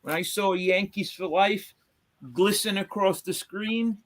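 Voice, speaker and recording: A man's voice: high-pitched, steady tone, unhurried. A man hosting a casual live-stream chat, rambling with lots of fillers. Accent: New York. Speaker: host.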